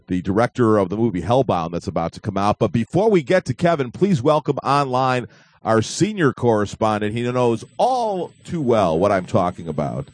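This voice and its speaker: A man's voice: lowish voice, very animated, normal speed, dry recording. A man hosting a live online talk show, joking and rambling with frequent fillers and restarts. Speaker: host.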